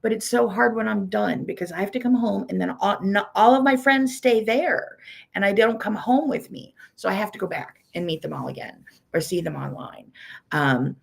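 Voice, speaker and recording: A woman's voice: mid-range voice, normal speed, creaky. A woman with a Pittsburgh accent hosting a casual livestream, chatty and rambling with many "um"s as she greets viewers by name. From Pittsburgh, USA. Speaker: quilting teacher hosting a weekly livestream.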